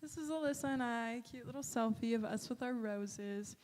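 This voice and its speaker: A woman's voice: a little high, moderate pace, darkish tone. A woman casually presenting mission trip photos in a bubbly, giggly way, peppering her talk with "like" and "literally". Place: church sanctuary. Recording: reverberant church hall.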